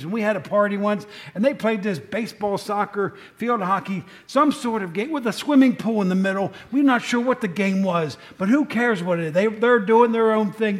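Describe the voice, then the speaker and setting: A man pastor preaching a conversational sermon, telling stories, acting out quoted voices and rising to urgent exhortation. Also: high-pitched.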